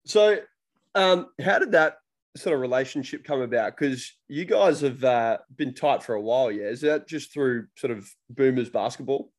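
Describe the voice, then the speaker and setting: Australian male interviewer, middle pitch, cheeky and friendly in his questions. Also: moderate pace. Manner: matey, jokey questions. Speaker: host. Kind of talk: casual interview chat.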